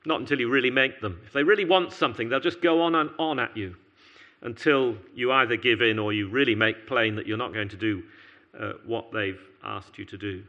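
Male preacher, earnest sermon delivery with repeated words for emphasis, bright tone. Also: medium pitch, a little fast, muffled recording.

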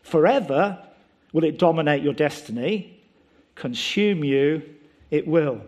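A man's voice: on the high side, a little mellow. A man doing Yoda, an old backwards-talking sage. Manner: inverted word order, slow, deliberate. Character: small wise old alien master, backwards speech.

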